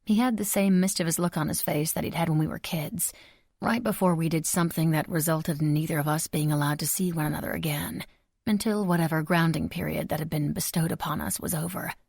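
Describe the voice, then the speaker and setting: A woman narrating an audiobook in the first person, telling the story in a steady, intimate way. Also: low-pitched, fairly quick, vocal fry, slightly rough, no room sound. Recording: dry close recording.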